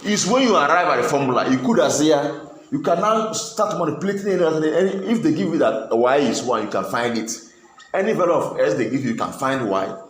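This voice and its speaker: A man's voice: a little high, lively intonation, brisk, a little hiss or hum. Man, math tutor, stern, drilling questions, echoey room.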